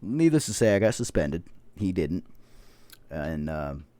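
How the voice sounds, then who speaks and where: A man's voice: low-pitched, big pitch swings, unhurried, mellow, dry recording. A man in his thirties, a podcast host, telling rambling stories in casual chat and swearing often. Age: 30s. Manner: rambling storytelling, heavy swearing.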